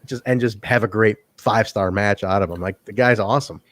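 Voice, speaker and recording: On his podcast, a man with a lowish, fairly bright voice speaks fairly quickly in a recording free of echo. He's casually and eagerly reviewing old wrestling shows, with many restarts along the way.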